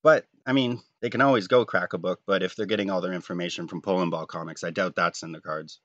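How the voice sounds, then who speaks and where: A man's voice: deep voice, steady tone, fast, a bit bright, dry recording, dull audio. A man, talking casually and jokingly while drawing a comic, rambling and self-deprecating. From Canada. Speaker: comic artist.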